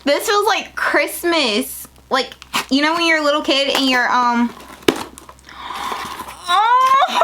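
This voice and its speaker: A young woman filming a casual unboxing vlog on her phone at home, gushing and excitable, jumping into high squeals. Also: background noise. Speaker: beauty vlogger starting a business. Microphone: phone camera.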